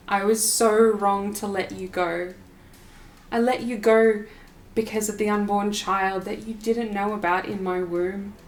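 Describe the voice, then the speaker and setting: A woman voicing a grieving mother who pleads through tears, her voice raised high above her usual tone. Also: lightly acted. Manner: tearful, pleading.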